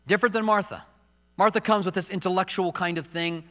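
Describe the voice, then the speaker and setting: A man preaching a sermon as pastor, moving between soft, hushed confiding and raised, emphatic preaching in a church sanctuary. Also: a little high, moderate pace. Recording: long reverb of a large hall.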